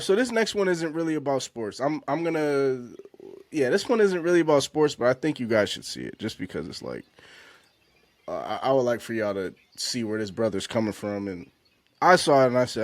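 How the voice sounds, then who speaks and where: Animated slangy male podcast host. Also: medium pitch, a little fast, no room sound. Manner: laid-back, slangy, laughs often. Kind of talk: casual panel chat.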